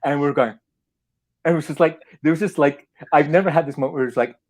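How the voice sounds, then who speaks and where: A man's voice: on the high side, fast. A middle-aged man from Canada, a playwright and actor, telling an anecdote casually with laughs and frequent restarts. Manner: animated, laughing, acting out quotes, many restarts.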